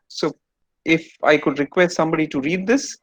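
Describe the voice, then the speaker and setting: A man's voice: a little high, steady tone, normal speed. A man giving an online lecture to students over a video call, explaining step by step and quizzing them.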